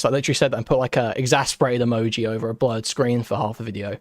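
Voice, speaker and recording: A man speaks as a guest in a casual call. He is earnest and often hesitates and restarts. His voice is mid-pitched and recorded close and dry. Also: rapid-fire, hardly any pauses, no echo. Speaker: guest commentator.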